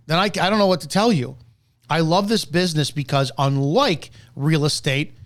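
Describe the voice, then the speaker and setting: A man with a somewhat high voice rants bluntly and combatively. He reacts to a clip with profane, fired-up commentary on sales prospecting. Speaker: network marketing commentator.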